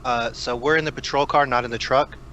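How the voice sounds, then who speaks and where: A man's voice: mid-range voice, steady tone, a little fast, a bit bright, muffled recording, a little hiss or hum. A man playing a tabletop role-playing game, talking casually and hesitantly with lots of ums and occasional swearing. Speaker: player.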